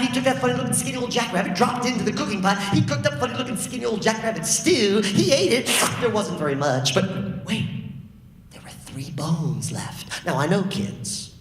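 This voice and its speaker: Children's storyteller, playful, interactive, wide swooping pitch, echoey theatre, faint background hum. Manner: playful, lively, coaxes the audience to join in. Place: large theatre stage. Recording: echoey theatre hall, live stage.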